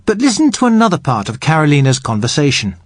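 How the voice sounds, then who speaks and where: A man teaching English on a podcast, explaining grammar patiently and clearly. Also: on the high side, wildly swooping pitch, fast talker, a little hiss or hum. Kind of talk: explanatory language lesson.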